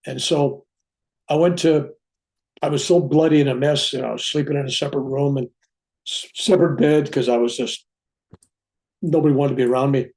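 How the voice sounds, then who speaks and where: A reverend telling a personal spiritual story, acting out what people said along the way. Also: male voice, mid-range voice, fairly quick, long pauses. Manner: animated, acts out dialogue in his own voice. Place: room at home with a bookcase.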